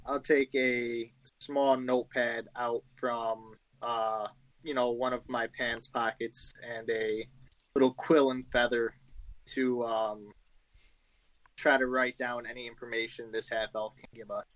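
A man playing a tabletop role-play game, calm and easygoing. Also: mid-range voice, unhurried, poor audio. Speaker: player.

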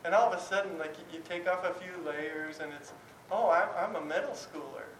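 Speaking a little fast in a high, somewhat bright voice, a man who teaches Bible gives his class a casual, candid talk full of chuckles and restarts. The sound is roomy and distant, with faint noise behind him.

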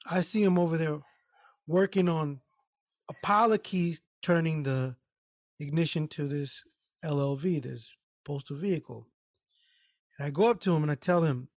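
On a studio-quality recording with no room sound, a male podcast co-host with a voice on the high side recounts something from work. He swears freely and animatedly imitates the people in the story, all in casual chat.

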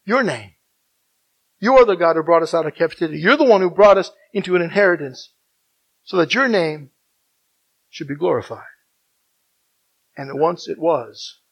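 A man preaching a sermon, swinging from loud emphatic declarations to hushed, near-whispered passages and repeating key phrases. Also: on the high side, vocal fry, husky, rough recording. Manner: emphatic repetition.

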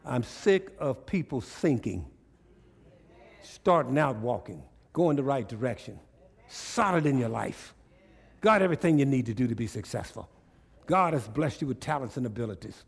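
A male pastor preaching a sermon, animated and repetitive, drawing responses from the congregation. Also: medium pitch, moderate pace, vocal fry, husky.

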